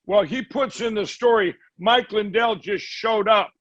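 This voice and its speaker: A man's voice: sits high, unhurried, a bit bright, no room sound. A man, a guest, telling a long rambling story and acting out the quoted dialogue as he goes. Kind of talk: storytelling in a conversation. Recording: slightly dull audio.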